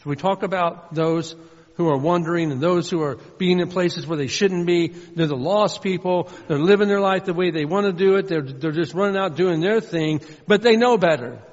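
A man preaching a sermon with earnest emphasis, swinging between loud stressed lines and soft low asides. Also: normal speed. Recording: muffled sound with long hall reverb.

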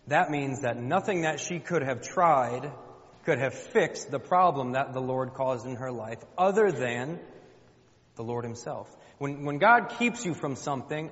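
A man preaching a sermon in a church, colloquial and emphatic, repeating phrases for effect. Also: medium pitch. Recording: dull lo-fi with long hall reverb.

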